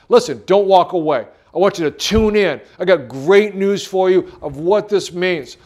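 A man preaching a sermon, earnest and repetitive, with pauses and restarts. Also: sits high. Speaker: pastor.

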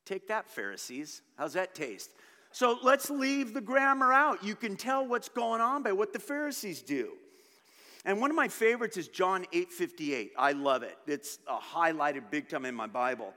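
Animated preacher man in a reverberant hall. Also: high voice, unhurried. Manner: animated, emphatic preaching with conversational asides. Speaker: pastor. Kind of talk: sermon.

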